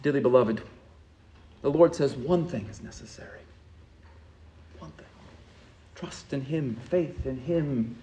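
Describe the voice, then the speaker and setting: A man preaching a sermon as pastor, with a lot of rhetorical repetition and swings from hushed tones to loud passion. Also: mid-range voice, a little slow, pauses often, roomy sound, a little hiss or hum.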